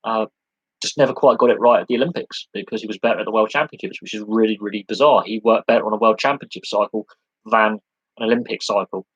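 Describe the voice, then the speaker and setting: A man hosts a live sports podcast Q&A, talking loosely and at length, piling up lists and restarting his sentences. His voice sits fairly low and sounds slightly husky. The recording is close and dry. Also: fast, a bit bright, dry recording, dull audio. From United Kingdom. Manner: rambling, conversational, with many restarts and lists.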